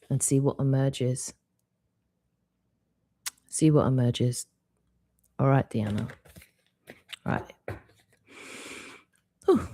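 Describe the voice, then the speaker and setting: A woman hosting a live stream, giving an intuitive card reading in a soft, reflective, unhurried way. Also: very deep voice, no room sound.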